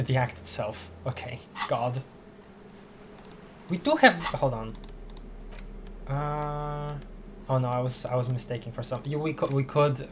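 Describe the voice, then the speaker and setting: A man streaming a game in a casual, giggly way, reading its text aloud and tripping over words. His voice sits at a middle pitch. There is a faint hiss behind him. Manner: laughs often, reads game text aloud with stumbles. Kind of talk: casual game playthrough commentary.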